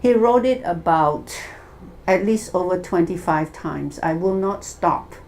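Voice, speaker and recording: A woman's voice: lowish voice, unhurried, slight background noise. A woman leading a wellness workshop as a hypnotherapist, telling stories and acting out the voices of the people in them. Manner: animated, acts out the people in her stories. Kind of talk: wellness workshop talk with storytelling.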